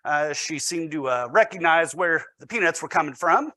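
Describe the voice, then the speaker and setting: A man's voice: fairly high pitch, expressive, normal speed, sharp tone, dry recording. A man, a teacher, giving a storytelling presentation with wry, self-deprecating humor.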